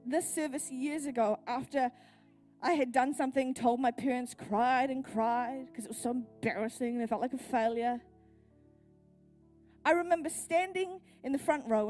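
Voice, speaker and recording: A woman's voice: a little high, a little mellow. A woman pastor with a New Zealand accent, pregnant, preaching a sermon at a church service with earnest personal storytelling.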